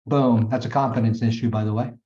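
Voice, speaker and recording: A man's voice: medium pitch, fairly even intonation, fast talker, warm tone. A man giving a motivational coaching talk to his team, emphatic and repetitive, calling them gang and guys. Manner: emphatic, repetitive, punchy sound words; addresses listeners as gang and guys. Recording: dull echoey room recording.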